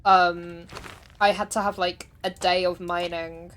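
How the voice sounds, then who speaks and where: A woman's voice: lowish voice, level tone, a little slow, fairly bright tone, a little hiss or hum. A woman streamer chatting casually while she plays, chatty and self-deprecating, laughing often. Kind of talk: casual livestream chat while gaming.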